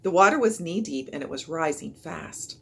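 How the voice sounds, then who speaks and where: A woman's voice: low voice, moderate pace, vocal fry, a little hiss or hum. Woman reading a children's book aloud. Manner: lively, expressive storytelling. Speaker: reader.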